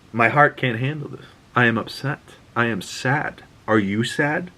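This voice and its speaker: A man recapping a TV episode in an excitable, rambling way, full of fillers and swearing. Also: medium pitch. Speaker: pop culture podcast host.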